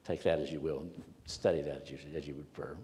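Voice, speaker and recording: A man's voice: rumbling low, fairly even intonation, quick pace, dark tone. A man preaching a sermon to a congregation, in an emphatic storytelling way that repeats words for weight. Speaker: pastor. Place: church sanctuary with congregation. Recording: long church hall reverb.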